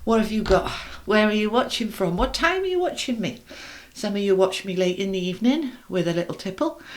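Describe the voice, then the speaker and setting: A woman's voice: mid-range voice, animated, a little fast. A woman giving a chatty tarot card reading, talking straight to her viewers in a reassuring way. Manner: warm, chatty and reassuring, addresses viewers directly. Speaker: tarot reader.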